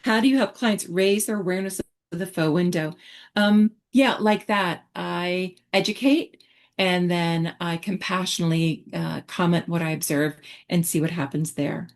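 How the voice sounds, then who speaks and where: A woman therapist explaining her approach in a relaxed online teaching chat, talking reflectively with many fillers and restarts. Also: fairly low pitch, moderate pace. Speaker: therapist presenter.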